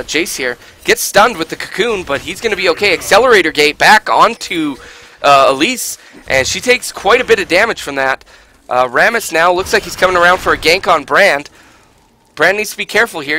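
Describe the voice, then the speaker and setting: A man giving solo live commentary on an online game, rising loud and high in fights, with many fillers. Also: slight background noise. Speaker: esports caster.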